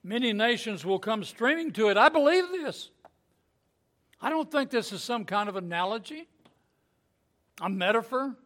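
A man's voice: very high-pitched, lively intonation, moderate pace, pauses often, fairly bright tone. A man preaching a sermon to his congregation, explaining scripture in a folksy way with joking asides and chuckles.

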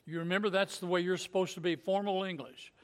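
Male preacher with a high voice, folksy and joking, delivering a Sunday sermon. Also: steady tone, quick pace. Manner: folksy, joking asides with chuckles.

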